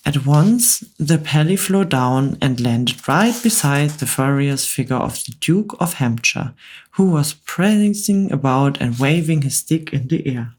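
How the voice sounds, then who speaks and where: A woman reading a storybook aloud in a calm, soft-spoken ASMR whispered role-play. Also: deep voice, unhurried.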